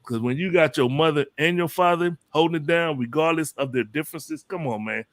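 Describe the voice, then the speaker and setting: A man hosting a casual talk show, animated and emphatic as he tells a story. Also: brisk, no room sound. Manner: animated, emphatic, pushes pitch up on quotes. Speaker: podcast host. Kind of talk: casual chat.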